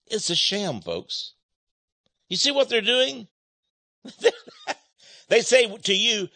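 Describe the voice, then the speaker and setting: A man's voice: fairly high pitch, wildly swooping pitch, normal speed, pauses often, bright, forceful tone. A man hosting a radio commentary show, talking in an emphatic, mocking way.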